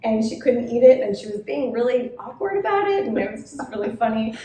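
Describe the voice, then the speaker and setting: A woman's voice: big pitch swings, fairly quick, a crowd in the background. A woman co-hosting a podcast who laughs often while she recounts a story in casual chat. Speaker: podcast co-host. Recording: echoey room with faint rumble.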